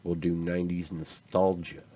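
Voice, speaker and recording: A man's voice: low-pitched, flat delivery, normal speed, dark tone. A man hosting a livestream, chatting casually in a rambling, laid-back way that often trails off. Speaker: stream host.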